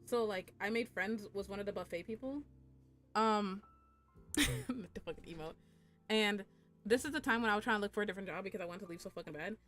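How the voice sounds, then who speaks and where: A young streamer tells a lively, foul-mouthed tale from work, putting on squeaky high voices whenever she quotes someone. Her pace is a bit fast with many pauses, over faint background music.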